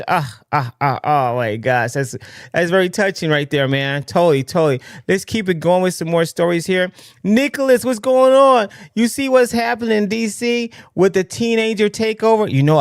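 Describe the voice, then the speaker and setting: A man hosting a casual live political commentary stream, talking in an excitable, rambling way with lots of restarts. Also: high-pitched, smooth, dry recording, studio quality. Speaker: livestream political commentary host.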